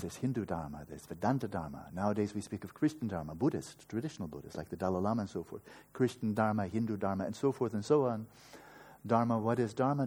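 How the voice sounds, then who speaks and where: A man's voice: lowish voice, mellow, slightly rough. A man teaching at a meditation retreat, giving an emphatic, opinionated dharma lecture with sarcastic asides. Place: retreat session.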